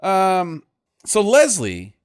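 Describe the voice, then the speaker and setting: Podcast co-host, male, sarcastic and profane, lively swooping delivery on a slightly high voice, dry close mic. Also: drawn-out words, smooth, dry recording. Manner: sarcastic, swears a lot, acts out the characters' lines in big exaggerated voices. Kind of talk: casual movie-recap chat.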